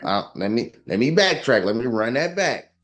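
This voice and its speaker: A man's voice: medium pitch, very animated, normal speed, a bit bright. A man talking casually and emphatically, lecturing with rhetorical questions. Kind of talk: casual opinion talk.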